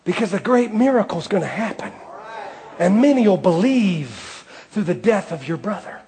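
A male preacher voicing Jesus as a gentle, reassuring divine figure speaking to a believer. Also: sits high, animated, normal speed. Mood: tender. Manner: hushed, tender reassurance.

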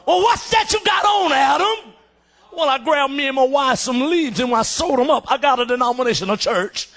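A man's voice: extremely high pitch, expressive, moderate pace, fairly bright tone. A man voicing Adam as a sheepish first man making excuses in a sermon. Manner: excusing, plain-spoken.

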